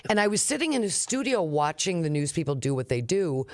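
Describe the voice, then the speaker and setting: A woman from Minnesota, co-hosting a radio talk show and telling stories in an animated, laughing way. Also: low voice, no room sound, studio quality. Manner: animated storyteller, quick laughs. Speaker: radio co-host. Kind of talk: casual radio chat.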